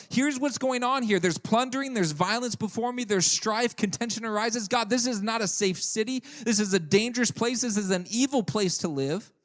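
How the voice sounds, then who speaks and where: A man preaching a sermon, reading scripture and acting out the prophet's complaints with lively, dramatic emphasis. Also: high-pitched, moderate pace, hardly any pauses. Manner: animated, voices Habakkuk's complaints dramatically.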